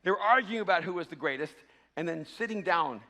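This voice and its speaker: A man preaching a sermon, swinging from loud shouting to hushed asides and often repeating words as he starts a sentence. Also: high voice, expressive, fast talker, big-room sound. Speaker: pastor.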